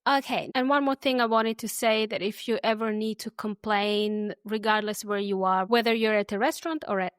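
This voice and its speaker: A woman hosting an English lesson podcast, friendly and easygoing, who says example phrases slowly and repeats them for listeners to copy. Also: fairly high pitch, no echo, clean studio sound. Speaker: English teacher and podcast host.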